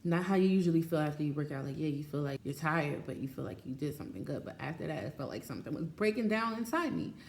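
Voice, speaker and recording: A woman's voice: low-pitched, expressive, quick pace, vocal fry, hardly any pauses, darkish tone. A woman vlogging casually, talking frankly and chattily and laughing often. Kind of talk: candid casual vlog talk. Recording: echoey room with faint ambience.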